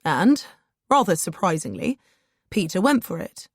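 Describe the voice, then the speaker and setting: A man's voice: high voice, big pitch swings, measured pace, husky, no echo, clean studio sound, exaggerated voice. Woman voicing a resigned male editor. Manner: resigned, world-weary.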